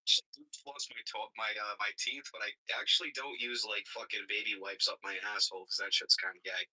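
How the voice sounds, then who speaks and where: A man with a husky, sharply bright voice trades crude banter in a casual online chat. His talk is teasing and offhand, with a lowish pitch. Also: flat delivery, a little fast, poor audio. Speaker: guest in chat room.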